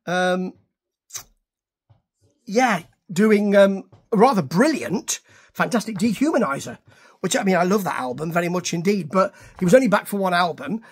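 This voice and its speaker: A man's voice: high voice, lively intonation, moderate pace, husky. A man reviewing music to camera in a chatty, digressive way, correcting himself as he goes. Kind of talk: casual rambling review to camera.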